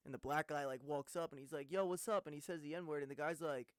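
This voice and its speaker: A young man in his twenties co-hosting a casual podcast chat, animated and quick to laugh and cut in. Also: on the high side, smooth, dry recording. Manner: animated, laughs often, jumps in. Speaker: podcast co-host.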